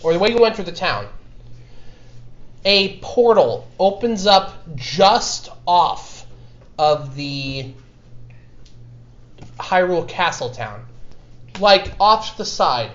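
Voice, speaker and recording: A man's voice: high-pitched, animated, fairly bright tone. Man running a tabletop game, echoey room. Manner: halting, restarts often while describing. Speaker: game master. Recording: echoey muffled room recording.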